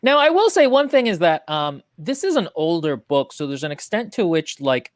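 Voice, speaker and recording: Analytical podcast co-host, very dry sound. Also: male voice, a little high, big pitch swings, normal speed, no echo. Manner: analytical, talks in long winding sentences. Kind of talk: casual book discussion.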